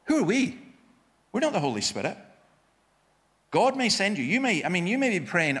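A man's voice: high-pitched, very animated, normal speed, long pauses, fairly bright tone, big-room sound. A man preaching a sermon with personal stories, emphatic and self-deprecating, often restarting his sentences.

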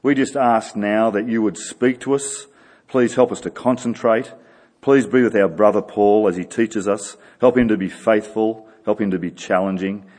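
A man's voice: lowish voice, fairly even intonation, normal speed, darkish tone. A man leading an opening prayer in an earnest, reverent manner. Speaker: prayer leader.

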